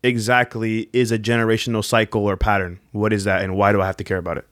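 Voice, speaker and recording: Low-voiced man joking on a podcast. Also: flat delivery, fast, fairly bright tone, no room sound, clean studio sound. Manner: joking, teasing, asks the questions. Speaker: podcast co-host. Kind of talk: casual faith podcast chat.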